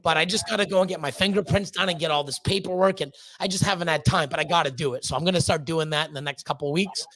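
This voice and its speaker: A man in his fifties, a guest on a live stream, casually telling a long story, profane and rambling, getting animated when he quotes people. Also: fairly high pitch, fast, hardly any pauses, no echo. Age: 50s.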